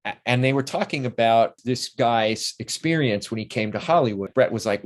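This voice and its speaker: A man's voice: mid-range voice, normal speed. An older man, a guest in a casual interview, telling long, enthusiastic anecdotes full of restarts.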